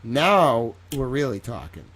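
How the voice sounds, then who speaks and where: A man's voice: mid-range voice, big pitch swings, measured pace, a bit bright. A tired young man hosting a late-night live stream, rambling playfully and chatting with viewers by name.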